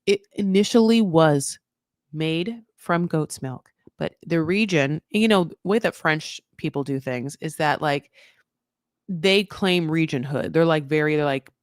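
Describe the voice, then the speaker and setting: A woman hosting a casual TV recap, rambling with sarcastic, animated asides. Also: low-pitched, measured pace, no room sound, studio quality. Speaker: recap host.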